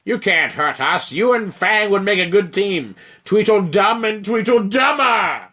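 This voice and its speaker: A man voicing a huge male frost giant who booms, mocks and lectures in a strained, raised voice. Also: lively intonation, a little slow, sharp tone, heavily acted. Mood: mocking. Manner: booming, mocking and lecturing.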